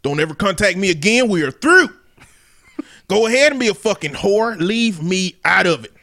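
A man's voice: sits high, animated, moderate pace, exaggerated voice. A man putting on a furious racist country dad. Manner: loud, spitting, hateful. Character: racist country white father, middle-aged, furious and cruel.

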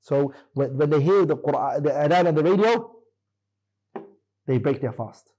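Male teacher, mellow husky voice, questioning students in class, firm corrections. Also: fairly high pitch, moderate pace, lo-fi sound. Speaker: Islamic teacher. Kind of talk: classroom lesson quizzing students.

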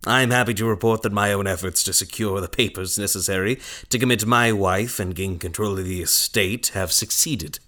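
A man playing a sneering gentleman villain. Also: fairly low pitch, normal speed, hardly any pauses. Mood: cold contempt. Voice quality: sneering, contemptuous, theatrical. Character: scheming, scornful gentleman villain husband. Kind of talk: period drama acting.

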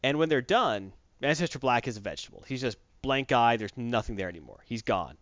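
A man talks casually, walking through a comic book plot in a loose, rambling way full of fillers and restarts. His voice sits at an ordinary pitch. The recording is dull and lo-fi, with a dry, close sound. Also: animated, brisk, fairly bright tone, dry recording. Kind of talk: casual chat recapping a comic book story.

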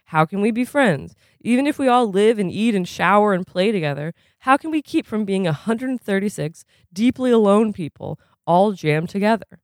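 A reader voicing a brooding, philosophical teenage boy at a tennis academy, in a musing, drawn-out way. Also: medium pitch, expressive, no room sound, studio quality, lightly acted.

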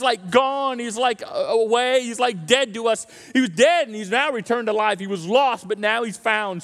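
A man delivers a sermon in a high-pitched voice. He keeps it conversational and animated, like he's telling a story. The sound carries a long reverb from a church hall. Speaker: pastor. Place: church auditorium.

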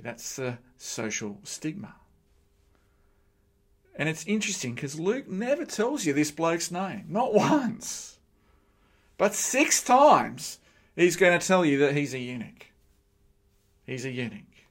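A middle-aged man preaching a sermon, with lively joking asides to the congregation. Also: fairly high pitch, unhurried.

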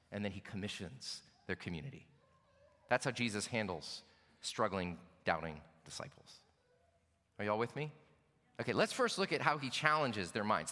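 Animated preaching man in a reverberant hall. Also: fairly high pitch. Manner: animated preaching with playful acted asides. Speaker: pastor. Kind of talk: sermon.

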